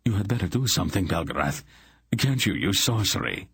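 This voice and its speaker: Man doing a wry thief, quick and edgy, low gravelly voice, audiobook. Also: very animated, a bit bright, no echo, studio quality, heavily acted. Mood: urgent.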